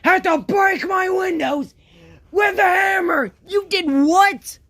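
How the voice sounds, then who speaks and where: A performer voicing a loud, bossy male race car who shouts in indignation, in a homemade toy role-play. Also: extremely high pitch, sing-song, slow, exaggerated voice. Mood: furious.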